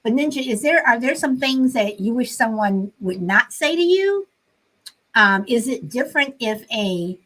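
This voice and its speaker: A woman's voice: fairly high pitch, rough recording. Chatty woman hosting a live stream. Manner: chatty, reads out viewer comments, many fillers. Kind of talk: casual live-stream chat.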